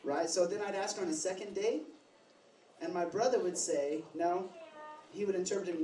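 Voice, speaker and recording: A man interpreting aloud for a deaf stand-up comedian, telling jokes in deadpan storytelling with asides, recorded in a comedy club lounge. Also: sits high, brisk. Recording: distant roomy club mic with crowd and noise.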